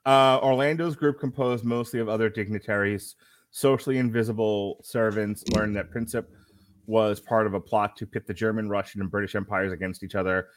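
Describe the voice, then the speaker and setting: Low-voiced man reading a plot summary. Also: steady tone, dry recording. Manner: halting read with self-corrections. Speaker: podcast co-host.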